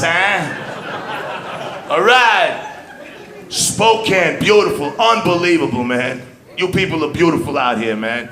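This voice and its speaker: A man's voice: fairly high pitch, lively intonation, slow pace, long pauses. A man with a New York accent doing a stand-up set, brash and streetwise, punctuating lines with "man". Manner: brash, streetwise, punchy delivery with frequent "man". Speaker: stand-up comedian. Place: comedy club stage. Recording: echoey club with loud crowd laughter.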